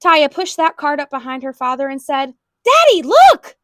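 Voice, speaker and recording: A woman reading a children's storybook aloud in an expressive way. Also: high-pitched, a little fast, no echo, studio quality. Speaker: storybook reader.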